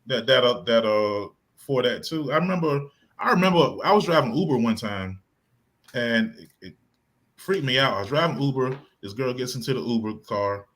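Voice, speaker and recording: A man's voice: medium pitch, animated, moderate pace, fairly bright tone. Guy rambling on a podcast, lots of restarts, casual chat. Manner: rambling storyteller, many restarts and fillers. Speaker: podcast co-host.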